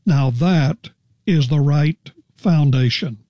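A man teaching the Bible verse by verse on a radio program, earnest and deliberate, stressing key words. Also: on the high side, mellow, no room sound, dull audio.

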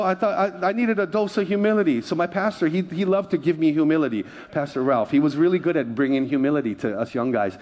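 A man's voice: fairly high pitch, darkish tone. A male pastor preaching a sermon, mixing humorous stories with repeated phrases and calls to the congregation. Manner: asks the congregation for responses.

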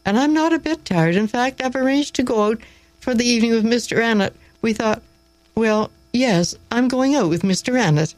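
A woman's voice: fairly high pitch, fast talker, hardly any pauses, no echo, voice pushed up, lightly acted. A woman doing an ardent, gushing young teacher.

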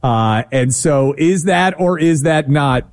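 A man's voice: on the high side, animated, takes it slowly. A man co-hosting a talk radio show, giving blunt opinions and joking about himself. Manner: blunt, opinionated, self-mocking. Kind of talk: casual talk radio banter.

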